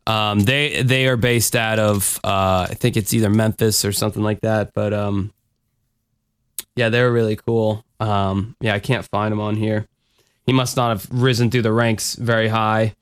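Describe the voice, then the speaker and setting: A man's voice: lowish voice, little pitch movement, unhurried, clean tone, no echo. A man hosting a podcast in casual chat, rambling and swearing freely, with lots of fillers. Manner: rambling, profane, full of fillers. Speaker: podcast host.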